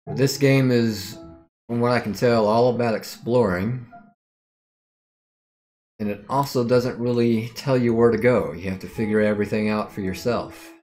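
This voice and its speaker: A man's voice: medium pitch, steady tone, normal speed, a little mellow, faint music behind. A man streaming a game, thinking aloud and muttering as he works out its menus and skills. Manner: thinks aloud while puzzling over the game. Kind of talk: casual let's-play commentary.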